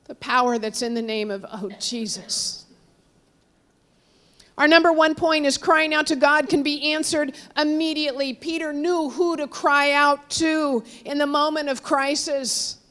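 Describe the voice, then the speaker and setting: A woman preaching a sermon, telling a story with sudden swings between raised cries and hushed, low passages. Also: fairly even intonation, moderate pace, few pauses. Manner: storytelling, dramatic swings from loud cries to hushed near-whispers; quotes figures in raised voices, drops low and soft on God.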